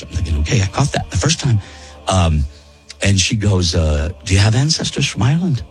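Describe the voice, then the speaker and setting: A man's voice: lowish voice, big pitch swings, brisk, soft background music, poor audio. A man casually telling a story to friends on a podcast, rambling and restarting his sentences. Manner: rambling, self-interrupting, repeats words while telling.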